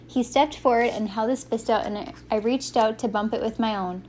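A woman reading a first-person story aloud as an audiobook narrator, giving the characters lively voices. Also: fairly high pitch, moderate pace, a little hiss or hum.

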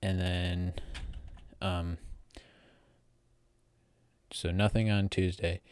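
A man's voice: low voice, level tone, extremely slow, darkish tone, clear, resonant tone. An eighteen-year-old young man telling a casual story in a rambling way, full of fillers and restarts. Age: teens. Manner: rambling, filler-heavy, self-correcting. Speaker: vlogger.

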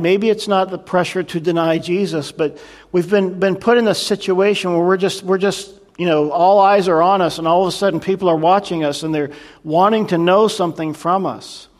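A man preaching a verse-by-verse sermon in a conversational, reflective way, with frequent asides to the congregation. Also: high-pitched. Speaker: pastor. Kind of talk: sermon, verse-by-verse Bible teaching.

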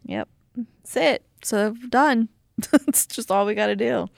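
A woman's voice: a little high, slow pace, creaky, dry recording. A woman in her thirties in casual chat as a podcast host, telling stories animatedly and acting out quotes. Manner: animated storytelling, acts out quotes loudly.

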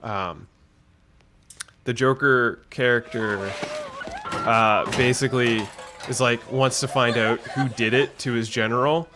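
A man's voice: medium pitch, steady tone, takes it slowly, pauses often, over music. A man co-hosting a casual film review podcast, retelling scenes in a rambling way full of fillers and acting out the characters' lines. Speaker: podcast co-host reviewing films. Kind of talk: casual chat.

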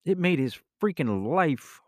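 A man hosting a podcast, telling a rambling personal story in a casual, animated way, often correcting himself mid-sentence. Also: on the high side, unhurried, dry recording, studio quality. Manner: animated, rambling, with self-corrections and bursts of laughter. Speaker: podcast host.

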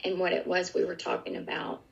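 A woman's voice: on the low side, lively intonation, a little fast, creaky. A middle-aged woman recounting a personal experience in an interview, earnest and vivid, often restarting her sentences. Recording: dull lo-fi recording.

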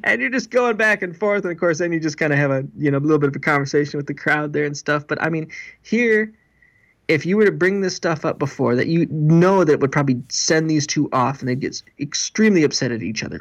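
A pastor and marriage seminar speaker, an animated storyteller who acts out the people he quotes. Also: fairly high pitch, fast talker. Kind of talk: interview guest.

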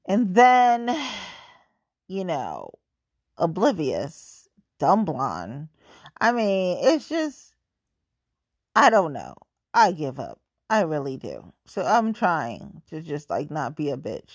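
A woman's voice: low voice, huge pitch swings, slow pace, long pauses, husky, no room sound, studio quality. A woman venting in a profane, exasperated monologue.

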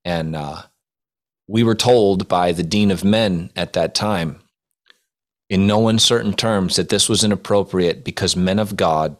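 A man's voice: low-pitched, a little slow. Man, casual chat, mock-solemn storytelling, laughs at his own jokes. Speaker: podcast co-host.

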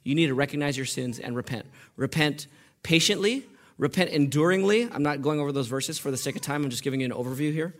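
Impassioned preacher, fairly high voice. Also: male voice, fast talker, fairly bright tone. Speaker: pastor. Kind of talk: sermon. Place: church.

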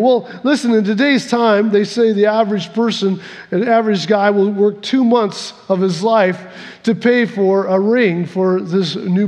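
A man with a very high voice preaches a sermon in a church, telling the story in a folksy, conversational way. He acts out each character's lines as he goes. His voice rings with a long hall reverb. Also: darkish tone.

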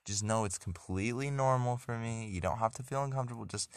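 A man's voice: mid-range voice, fast talker, no echo, studio quality, pitched above the performer's own voice, natural voice. A man voicing an overly friendly male sentient toilet that chats and reassures in a soothing way. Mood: reassuring. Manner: chatty, soothing, eager to please.

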